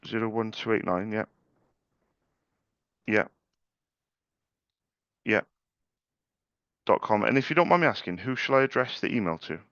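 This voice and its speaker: A man's voice: fairly low pitch, animated, unhurried, long pauses, fairly bright tone, dry recording, lo-fi sound. A young man making sales calls and chatting casually to camera, polite and chatty, with frequent stammered restarts. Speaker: small business owner making sales calls. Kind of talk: casual vlog with live phone calls.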